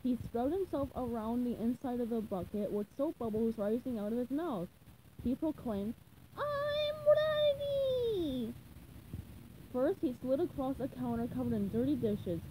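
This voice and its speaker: A woman reads a children's storybook aloud, lively and expressive. Her voice is fairly high and mellow. Her pitch rises and falls a lot, with a faint hiss behind her. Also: moderate pace, low-quality recording. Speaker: reader. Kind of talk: storybook reading.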